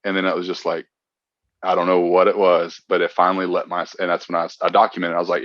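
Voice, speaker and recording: A man from Mississippi, a podcast guest talking openly and reflectively in a casual chat, with halting restarts. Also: deep voice, level tone, a bit bright, no room sound, muffled recording.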